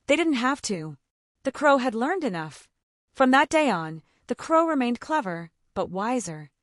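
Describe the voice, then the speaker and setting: A woman storyteller narrating a children's fable with a scripted, gently dramatic reading. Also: on the high side, no echo, studio quality.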